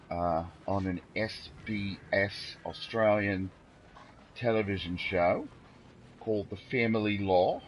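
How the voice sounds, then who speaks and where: A man's voice: low-pitched, a little hiss or hum, poor audio. A man streaming a game, rambling and self-deprecating, exclaiming at what happens on screen. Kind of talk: casual gameplay commentary.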